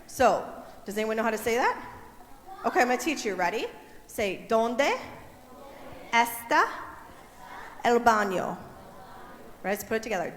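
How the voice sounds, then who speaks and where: A woman's voice: on the high side, animated, normal speed, pauses often. A young woman leading a children's message in church, playful and coaxing the kids to join in. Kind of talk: children's sermon, teaching kids. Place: church sanctuary. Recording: echoey hall, faint room ambience.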